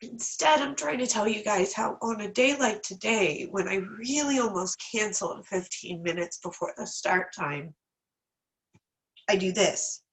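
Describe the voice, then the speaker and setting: A woman's voice: medium pitch, lively intonation, a little slow, low-quality recording. A woman leads a casual online class with a candid, self-deprecating manner. She rambles into asides as she goes. She sounds a little teary, her nose stuffed up. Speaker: class teacher.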